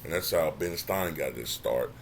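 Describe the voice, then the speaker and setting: A man hosting his own channel, giving casual commentary that runs from flat and low-key to animated and exasperated. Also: moderate pace, vocal fry, a little hiss or hum. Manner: animated, rising to exasperated near-shouting; says he can sound monotone at times. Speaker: channel host.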